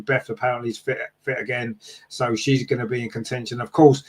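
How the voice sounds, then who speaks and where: A man hosting a casual fan podcast, reading out live chat comments and answering them with lots of fillers and tag questions. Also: medium pitch.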